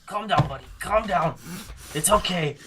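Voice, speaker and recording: A man voicing a male goblin who coaxes a raging giant to calm down with repeated reassurances. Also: high voice, moderate pace, noisy background, lightly acted. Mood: soothing. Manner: coaxing, repeating soft reassurances.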